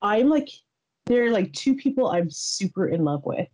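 A woman in her thirties hosting a podcast, chatting in a rambling, giggly, halting way. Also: medium pitch, sing-song, darkish tone, poor audio. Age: 30s. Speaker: podcast host. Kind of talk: casual chat.

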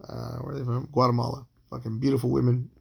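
A young man telling a long personal story in a casual, rambling way, swearing constantly and filling pauses with um and like. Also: medium pitch, level tone, gravelly, darkish tone, husky. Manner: profane, rambling, heavy filler words.

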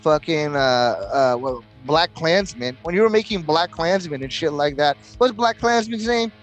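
A man's voice: fairly high pitch, lively intonation, moderate pace, faint music behind. Ranting, foul-mouthed man co-hosting a podcast. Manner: loud, ranting, profane, full of mocking put-on quotes. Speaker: podcast co-host. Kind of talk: casual profane chat.

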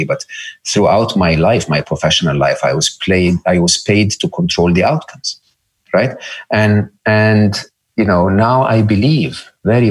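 A middle-aged man as a podcast guest, speaking reflectively, often repeating words and checking in with "right?". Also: low voice. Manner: thoughtful, repeats words, frequent "right?" and "hmm?". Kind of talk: reflective interview talk.

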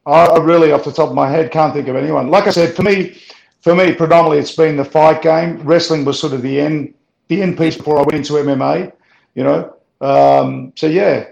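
A man's voice: fairly high pitch, fairly even intonation, a little fast, creaky, a little mellow, echoey room, highs cut off. A man, a guest fighter, chatting casually and hesitating as he searches for names. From Australia. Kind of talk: casual chat.

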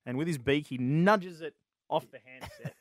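A man's voice: fairly high pitch, takes it slowly, no room sound, studio quality. A man with an Australian accent hosting a podcast, chatting casually and telling a joke in a laid-back way, full of slang. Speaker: podcast host.

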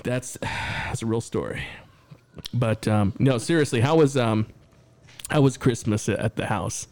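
Casual male co-host, mid-pitched, quick to laugh and interrupt. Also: a little mellow. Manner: laughing, interjecting, steering the story. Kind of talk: casual chat.

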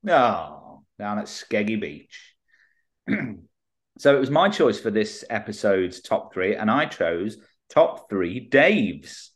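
A man's voice: lowish voice, big pitch swings, takes it slowly. A man co-hosting a casual comedy podcast, telling tall tales and laughing often. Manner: giggly storyteller, laughs often. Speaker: podcast co-host.

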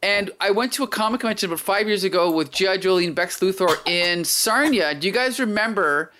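A casual podcast host who rambles through side stories with plenty of filler and laughs often. The voice sits in a middle pitch, relaxed and conversational. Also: brisk, a little hiss or hum.

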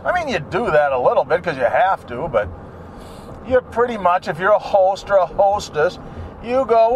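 Middle-aged man, high lively voice, rambling chat in a car, faint road noise. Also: brisk. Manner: rambling, chatty, grumbles at other drivers. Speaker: vlogger. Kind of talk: casual chat while driving.

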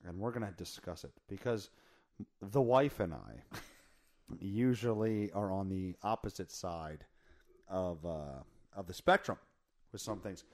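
A man hosts a laid-back podcast, his voice hoarse and worn. He rambles along jokily, doubling back on his words and correcting himself as he goes. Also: deep voice, a little slow, pauses often. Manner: rambling, self-correcting, jokey. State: hoarse from singing in the car. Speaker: podcast host. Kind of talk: casual podcast chat.

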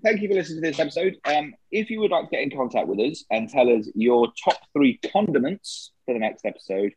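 A man co-hosting a podcast, joking and chatting casually with quick asides. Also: a little high, expressive, darkish tone, a little hiss or hum. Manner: jokey, laughing, quick asides. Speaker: podcast co-host. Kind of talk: casual comedic chat. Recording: slightly lo-fi dry recording.

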